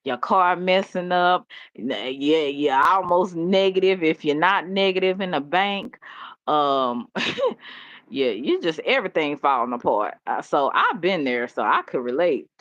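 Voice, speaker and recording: A woman's voice: on the low side, animated, a little slow, a bit bright, dry recording, muffled recording. A woman host talking candidly in a rambling casual chat, laughing often. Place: home.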